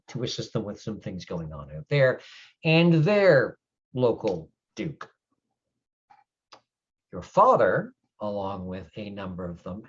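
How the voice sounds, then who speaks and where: A man playing a gruff, grumpy older male changeling lord who speaks bluntly and swears in halting explanations. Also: on the low side, dull audio, full character voice.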